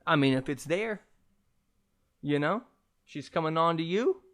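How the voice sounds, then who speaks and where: A man's voice: fairly high pitch, a little slow. A young man hosting a solo podcast, ranting casually, with lots of swearing and jokes. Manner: profane, animated, jokey. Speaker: podcast host.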